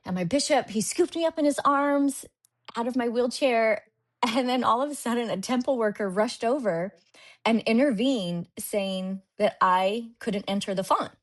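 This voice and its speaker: A woman's voice: fairly high pitch, moderate pace. A young woman in her twenties telling a personal story as a guest on a podcast interview, acting out her past thoughts as she goes.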